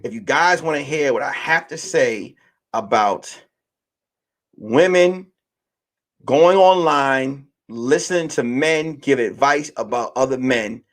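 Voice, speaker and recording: A man in his late thirties hosting a casual monologue for his listeners, telling stories in a loose, animated way and swearing freely. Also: mid-range voice, slow. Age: late 30s. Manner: profane, animated storytelling. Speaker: podcast host.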